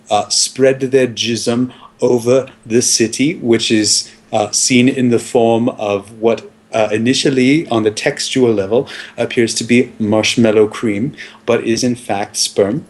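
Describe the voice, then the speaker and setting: A man playing a pompous film psychoanalyst in an improvised comedy sketch, lecturing solemnly with many halting fillers. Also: medium pitch. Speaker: mock film scholar.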